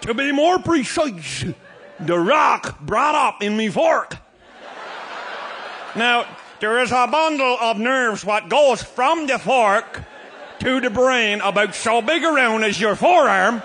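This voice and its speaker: A man with a Newfoundland accent telling a comic tall tale to a live audience, shouting and laughing as he goes. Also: very high-pitched, expressive, slow pace, crowd noise, noisy background. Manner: rollicking, shouting and laughing through a yarn. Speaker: storyteller.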